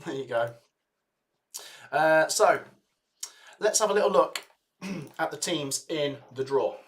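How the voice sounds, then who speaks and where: A man's voice: a little high, animated, slow, a bit bright. A young man hosting a live football watch-along, chatting casually, urging viewers to like and comment, and rattling off club names from the chat. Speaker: livestream host.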